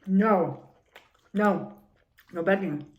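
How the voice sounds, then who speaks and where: A woman's voice: medium pitch, extremely slow, highs cut off. A woman vlogger chatting casually and rambling while she eats on camera. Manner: chatty, rambling, mouth full between lines. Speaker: mukbang vlogger. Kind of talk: casual eating chat. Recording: echoey room.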